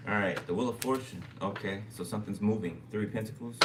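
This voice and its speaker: A man's voice: fairly low pitch, fast talker. Man musing through a tarot reading. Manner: musing, repeats phrases, frequent "okay?" tags. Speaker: tarot reader. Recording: distant mic with background noise.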